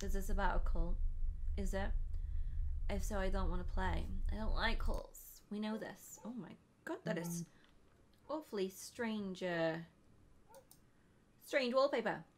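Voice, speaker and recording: A woman's voice: medium pitch, measured pace, long pauses, a little hiss or hum. A woman hosting a casual gameplay video, reacting with jokes and reading game text aloud.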